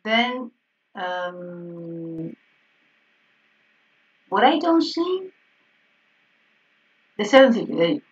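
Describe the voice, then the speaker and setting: A woman piano teacher explaining harmony exercises in an online group lesson, checking in with frequent "yes?" and soft laughs. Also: on the low side, animated, very slow, pauses often. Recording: slightly dull, distant online call audio.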